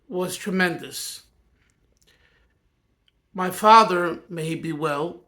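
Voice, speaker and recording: With a high-pitched, sharp-toned voice, this American rabbi who speaks Yiddish shares personal memories. His talk is sincere and hesitant, full of restarts.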